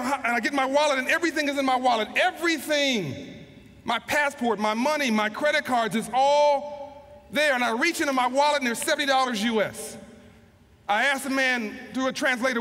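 A man giving a storytelling motivational speech to an audience. He often repeats words as he goes and slows down for emphasis. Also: extremely high pitch, pushed and bright. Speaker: motivational speaker. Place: large hall, live event. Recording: long hall reverb.

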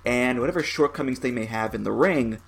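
A man's voice: mid-range voice, brisk, creaky, husky, faint music behind. Enthusiastic male podcast host. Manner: enthusiastic, animated storytelling. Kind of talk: casual podcast chat.

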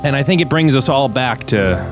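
A man's voice: mid-range voice, lively intonation, moderate pace, over music. A man co-hosting a podcast in a casual, joking chat, reading out news stories. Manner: jokey, reads quotes aloud. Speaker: podcast co-host.

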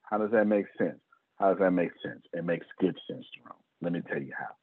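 A middle-aged man giving an animated business pep talk to his team, acting out conversations in shifting voices. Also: sits low, fairly quick, breathy edge, dry recording, phone-quality sound.

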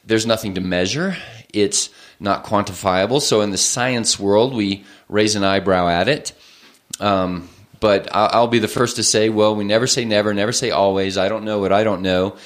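A man's voice: lowish voice, unhurried. A man who is a family doctor, explaining things thoughtfully in an interview, often restarting his sentences.

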